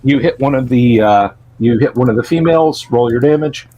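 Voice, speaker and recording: A man's voice: medium pitch, fairly quick, dark tone, dry recording, lo-fi sound. A man running a tabletop game as game master on a livestream, joking with his players as he narrates the fight. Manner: jokey, tosses in metal references.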